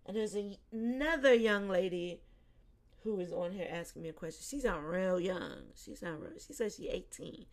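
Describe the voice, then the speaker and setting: A woman in her forties hosting a psychic podcast, chatting casually with listeners, laughing often and dropping to a soft, quiet voice when reflective. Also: on the low side, normal speed. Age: 40s.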